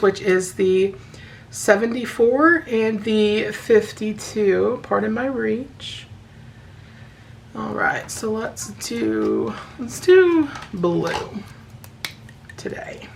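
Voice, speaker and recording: A woman with a hoarse voice that sounds a little sick, chatting casually to her viewers and counting cash aloud in quick runs. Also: medium pitch, slight background noise, poor audio. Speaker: budgeting vlogger. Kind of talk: casual friendly chat to camera.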